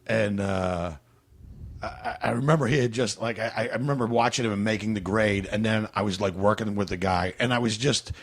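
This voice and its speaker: A man's voice: fairly low pitch, normal speed. A male comedian guest in casual podcast chat, telling long meandering stories. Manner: rambling, meandering storyteller.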